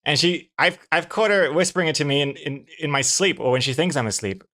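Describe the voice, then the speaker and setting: A man's voice: on the high side, a little fast, sharp tone. A man streaming as a comic artist, joking around in a mock self-pitying way with his partner. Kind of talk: casual stream banter.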